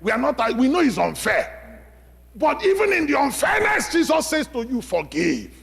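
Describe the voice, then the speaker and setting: A man preaching a sermon, emphatic, asking the congregation questions and swinging from loud to hushed. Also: very high voice, big pitch swings, normal speed, vocal fry. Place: church sanctuary. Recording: long reverb of a church hall.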